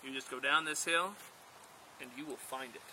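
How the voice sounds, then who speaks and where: A man voicing a calm, kindly male creator spirit who speaks patiently in a told story. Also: medium pitch, a little hiss or hum, poor audio. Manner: gentle, patient, unhurried.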